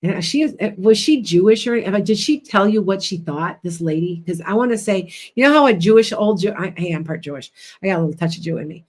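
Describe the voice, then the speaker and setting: On a casual livestream, a woman with a Midwestern Chicago accent gives viewers blunt, rambling psychic readings. She talks fast and expressively in a medium-pitched, darkish voice.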